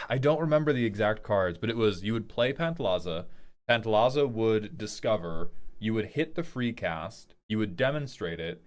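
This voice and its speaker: A young man streaming casually, reading viewer messages aloud and answering with rambling, joking talk. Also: lowish voice. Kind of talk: casual livestream chat.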